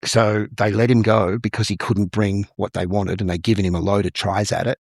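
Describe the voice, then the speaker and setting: A man's voice: lowish voice, a little fast, slightly rough, no room sound, studio quality. A middle-aged Australian man, a musical theatre performer, telling stories from his career in an interview and acting out the voices of the people he quotes. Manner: lively storyteller who acts out the people he quotes. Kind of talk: interview storytelling.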